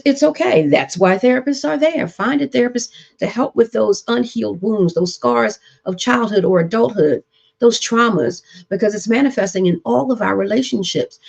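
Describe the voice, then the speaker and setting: A woman's voice: fairly high pitch, animated, normal speed, creaky, a little mellow. A woman therapist hosting a live-streamed relationship talk, speaking earnestly and repeating points with preacher-like emphasis. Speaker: therapist and show host.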